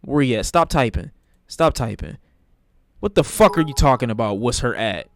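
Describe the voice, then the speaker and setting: A man's voice: mid-range voice, animated, normal speed. A man streaming live, reacting to videos with blunt, profane, rambling commentary in a casual way.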